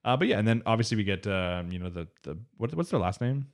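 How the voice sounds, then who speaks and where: Guy with a lowish voice recapping an anime ep, rambly, swears a bit. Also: animated, fast. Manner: rambling, loose, swears casually. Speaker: podcast co-host. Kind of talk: casual chat, recapping an anime episode.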